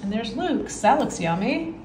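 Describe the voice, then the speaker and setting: A mother in her thirties talks to the camera and her kids in a chatty, encouraging way, her voice sitting a little high. It sounds like a handheld vlog recording, with steady background noise under her voice. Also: a little slow. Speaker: family vlogger, mother. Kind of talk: casual vlog narration and chat with kids. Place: outdoors on a jungle path, then a home kitchen.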